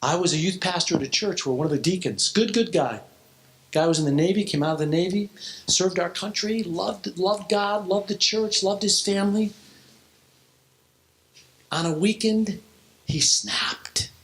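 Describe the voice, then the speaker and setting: A middle-aged man preaching a sermon to a youth group in a church hall, telling stories with restarts and sudden drops to a hushed voice. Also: sits high, moderate pace. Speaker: pastor. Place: church hall, in front of students.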